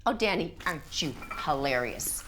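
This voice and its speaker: An actress playing a fussy, self-assured small-town event organizer with a sarcastic edge. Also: female voice, low-pitched, animated, moderate pace, a bit bright, slight background noise. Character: self-important woman, the town's Rotary Queen. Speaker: Rotary fundraiser organizer.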